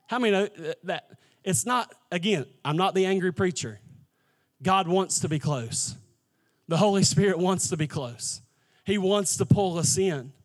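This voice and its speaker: A man preaching a sermon as pastor, building to impassioned, repetitive cadences. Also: sits high.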